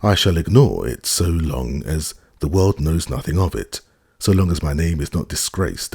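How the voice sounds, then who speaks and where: A man's voice: rumbling low, vocal fry, a little mellow, breathy edge, dry recording, studio quality, full character voice. A man voicing a cold, sarcastic middle-aged husband in an audiobook, stiff and contemptuous. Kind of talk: audiobook character reading.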